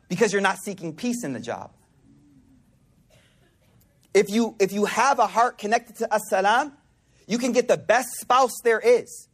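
A man preaching a sermon to a live audience, repeating phrases for emphasis and dropping from loud, emphatic lines to hushed, intimate ones. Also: sits high, slightly rough.

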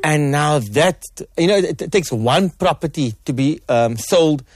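A man's voice: fairly high pitch, lively intonation, unhurried, no room sound, clean studio sound. A man talking as a guest on a radio show, conversational and joking, full of fillers and restarts. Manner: conversational, lots of fillers and repeats, jokey. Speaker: guest on property market. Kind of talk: radio interview. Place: radio studio. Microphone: studio microphone.

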